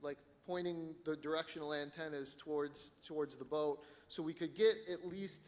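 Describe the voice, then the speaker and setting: A man on a conference panel describing his live sports production setup, talking haltingly with many fillers and restarts. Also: a little high, steady tone, a little mellow. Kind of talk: panel discussion, technical explanation. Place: conference hall. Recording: echoey conference hall.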